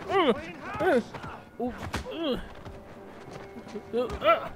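A man playing a video game and reacting loudly, swearing, yelling and laughing at what happens on screen. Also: very high voice, sing-song, takes it slowly, pauses often. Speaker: gaming commentator. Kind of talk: let's play commentary.

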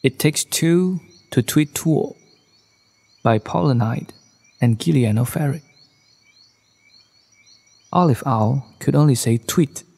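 A man narrating a children's bedtime story in a gentle read-aloud manner, recorded in a studio. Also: mid-range voice, slow pace, gravelly, long pauses. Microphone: studio microphone.

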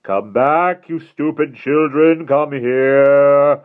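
A man reading an audiobook, voicing a menacing man who calls slowly across the water in a commanding, then hypnotic tone. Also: a little high, pitched above the performer's own voice. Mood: commanding shout. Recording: tinny phone-like audio.

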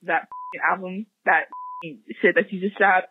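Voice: medium pitch, fairly even intonation, moderate pace, a little hiss or hum. A caller phoning in to a podcast, gushing and swearing in a rowdy way. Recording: husky tinny phone line.

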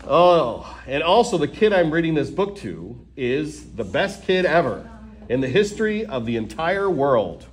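Lively man reading to kids. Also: on the high side, measured pace. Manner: animated, playful, mock-protesting; gleeful nonsense sounds. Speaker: storytime reader. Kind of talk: reading a children's book aloud.

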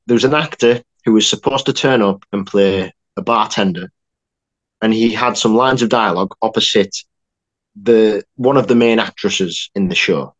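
A young man, an actor and filmmaker, telling a lively story on a podcast with quick asides. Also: on the low side, dull audio. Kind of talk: casual anecdote telling.

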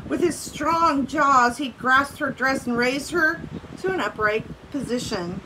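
A woman's voice: high-pitched, expressive, slow pace, background noise. A woman teacher reading a story aloud to her class, breaking off to make casual comments and laugh.

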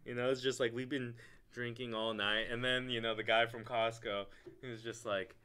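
A young man co-hosting a podcast, telling a story in a casual, animated way, often breaking into loud laughing bursts and leaning on filler words. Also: mid-range voice, moderate pace, clear, resonant tone. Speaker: podcast co-host.

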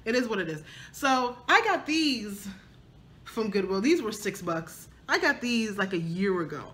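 Woman doing a thrift haul vlog, bright forceful voice, super chatty and animated, bits of aave slang. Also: mid-range voice, unhurried. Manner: animated, chatty, acts out arguments with her husband in playful voices. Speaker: fashion vlogger. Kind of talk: casual thrift haul chat.

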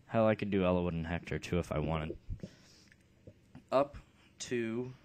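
A man's voice: low voice, animated, a little slow, darkish tone, a little hiss or hum. A man hosting a video game let's play, talking through his playthrough in a laid-back, offhand way. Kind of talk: casual game commentary.

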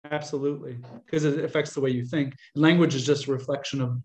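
A young American man, a Catholic priest, telling stories to an audience in a chatty, animated way and acting out the voices of people he quotes. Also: mid-range voice, fast talker. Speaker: Catholic priest giving a talk. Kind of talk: casual storytelling lecture. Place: room with an audience. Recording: echoey lecture room.

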